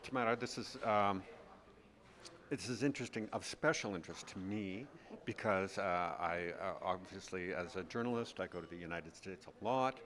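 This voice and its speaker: A man's voice: low-pitched, moderate pace, a bit bright. A man with a Canadian accent, an entertainment reporter, asking questions with a lot of hesitation. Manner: hesitant, many fillers and restarts. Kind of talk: interview questions.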